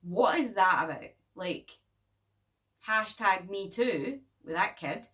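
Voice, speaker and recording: A woman casually reviewing a horror movie in a chatty, animated way, swearing freely. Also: medium pitch, slow pace, far from the mic.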